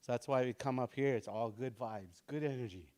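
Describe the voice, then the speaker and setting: A man with a medium-pitched voice teaches a language class in a relaxed, casual way. He says words slowly and repeats them for his learners.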